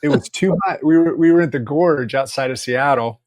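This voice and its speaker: Animated man telling stories, dry sound. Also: a little high, a little fast, dry recording. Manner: animated storyteller, laughs often, acts out quotes. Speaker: podcast guest. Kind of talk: casual interview storytelling.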